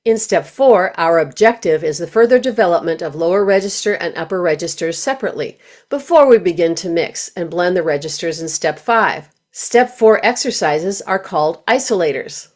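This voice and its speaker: A woman with a slightly low voice narrates a singing lesson in a clear, measured way. She explains each step carefully, as if reading a prepared script. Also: darkish tone. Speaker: voice teacher.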